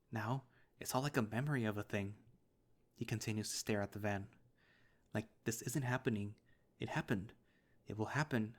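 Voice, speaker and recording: Man, low voice, story narrator, first-person reading, emotional. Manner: emotional, intimate. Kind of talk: dramatic first-person reading of a visual novel.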